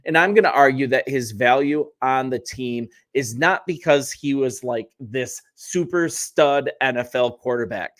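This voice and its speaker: A man's voice: medium pitch, measured pace, few pauses. Chatty man doing sports commentary. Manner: chatty and wry, with joking asides and self-corrections. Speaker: sports channel host. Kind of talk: casual sports commentary to camera.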